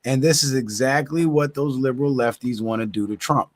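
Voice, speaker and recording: A tired, yawning man reads news reports aloud on his own channel in a brisk, medium-pitched voice. He stumbles and restarts words as he reads, breaking off to add indignant asides of his own.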